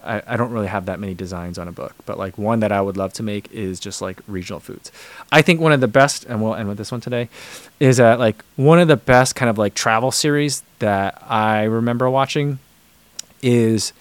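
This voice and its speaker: A man's voice: lowish voice, fairly quick, dry recording. A man hosting a livestream, reading viewer comments and chatting casually with many fillers and restarts. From United States. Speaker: livestream host reading chat. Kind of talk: casual chat.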